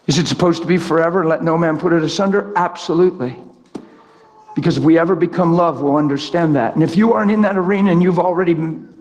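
A man preaches in a high, ringing voice. He tells a personal story with spontaneous emphasis, jumping into acted-out quotes from people in the story. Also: a little mellow. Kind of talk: sermon with personal testimony.

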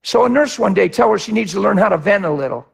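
Male pastor, high gravelly voice, preaching with passion, loud bursts then soft. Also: expressive, fast. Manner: impassioned, shifts between shouting and quiet reflection. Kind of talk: sermon.

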